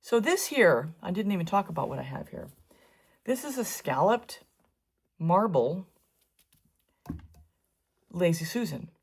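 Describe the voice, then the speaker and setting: A middle-aged woman teaching fluid art speaks in a lowish, slightly rough voice, very animated yet at a measured pace with frequent pauses. She narrates her painting tutorial casually and wanders into asides as she works.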